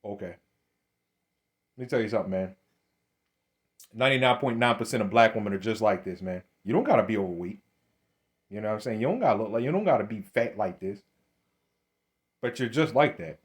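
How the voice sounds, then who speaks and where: A man's voice: lowish voice, lively intonation, brisk, long pauses. A man giving blunt, confrontational commentary to camera. He often repeats himself, restarts his sentences and keeps calling his listeners "man". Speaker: religious commentator.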